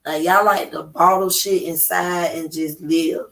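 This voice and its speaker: Woman, Atlanta Southern accent, loud, profane, emphatic, podcast guest, roomy echo. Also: lowish voice, fairly even intonation, unhurried, crowd noise. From Atlanta, USA. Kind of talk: casual chat. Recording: roomy with faint noise.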